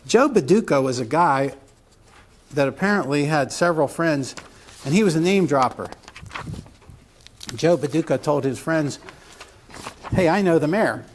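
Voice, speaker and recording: A man's voice: fairly high pitch, lively intonation, normal speed, long pauses, slight background noise. A man giving a live lecture to a room of lawyers, rambling through a joke and asking the audience questions. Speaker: lecturer at a legal education seminar.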